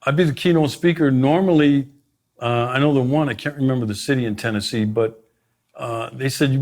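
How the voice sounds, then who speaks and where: A middle-aged sheriff, appearing as a guest, tells stories emphatically in conversation and restarts often. His mid-range voice has a darkish tone and runs a little fast.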